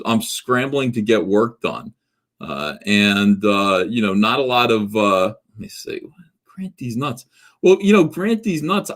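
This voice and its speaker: A man's voice: mid-range voice, a bit bright. A man in his forties hosting a casual livestream, rambling and self-mocking, with many filler words and restarts as he reads viewer comments. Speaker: livestream host.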